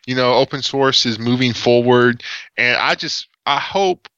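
East texas guy on a tech podcast, rambly, bright tone, kinda dull lo-fi audio. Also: medium pitch, a little slow, clear, resonant tone, no echo. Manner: rambling, lots of fillers and restarts. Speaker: podcast co-host. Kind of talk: casual tech chat.

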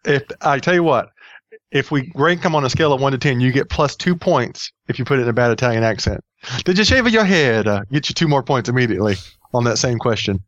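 A man's voice: mid-range voice, fast, no room sound, muffled recording. A man hosting a casual podcast, rambling and joking with many fillers. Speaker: podcast host.

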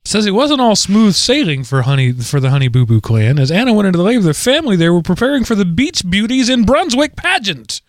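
A man co-hosting a casual podcast, telling stories in an animated, chatty way. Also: high voice, a little fast, hardly any pauses, no echo, clean studio sound. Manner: animated storyteller, lively delivery. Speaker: podcast co-host. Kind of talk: casual chat.

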